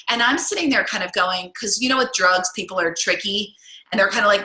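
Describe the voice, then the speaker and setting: Rambling woman coach, lowish bright voice, echoey room. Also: fast talker. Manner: rambling, many restarts and fillers. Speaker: coach leading a group call. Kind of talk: casual storytelling to a group.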